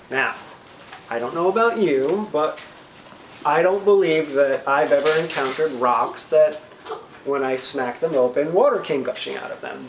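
A man's slightly raised voice fills a roomy church hall as he preaches. He reads scripture with slow emphasis, then breaks it down plainly, checking in with the room over and over. Faint ambience hangs under the echo. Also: on the high side, lively intonation, slight background noise. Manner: asks the congregation questions, frequent "right?". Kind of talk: sermon with scripture reading.

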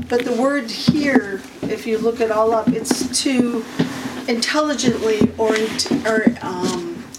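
A woman leading an informal Bible study, unhurried and often stopping to clear her throat. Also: a little high. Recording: faint room noise, from a distance.

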